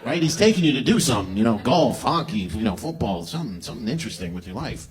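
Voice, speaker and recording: A man's voice: mid-range voice, very animated, fast. A man doing a stand-up comedy set, crude and mocking, swearing often. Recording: noisy live show recording.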